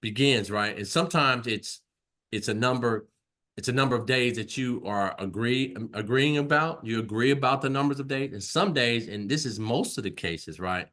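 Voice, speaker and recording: A man's voice: mid-range voice, normal speed, bright, forceful tone. A man teaching an online class in a conversational way, repeating himself and often checking in with "right?". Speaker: instructor.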